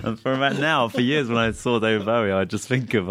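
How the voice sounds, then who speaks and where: A man, a comedian guest, telling lively anecdotes in casual chat, laughing often and mimicking other people's voices. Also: on the low side, a little fast, few pauses.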